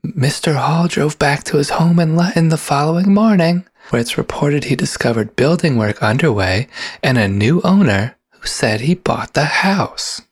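Male comedy podcast co-host, husky and lively, casual news reader who stumbles and giggles. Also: on the high side, moderate pace. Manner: giggly, stumbles over words. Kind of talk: casual comedic chat, reading out news stories.

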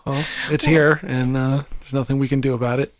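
A man's voice: medium pitch, little pitch movement, a little fast, no echo. A man on a comedy podcast, laid-back and trading dry one-liners. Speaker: podcast co-host. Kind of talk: casual comedic podcast banter.

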